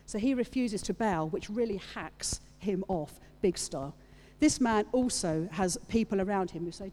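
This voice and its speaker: A woman's voice: medium pitch, moderate pace, few pauses, dark tone. A woman preaching a sermon, retelling a story with playful asides to her congregation. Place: church hall with audience. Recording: long reverb of a large hall.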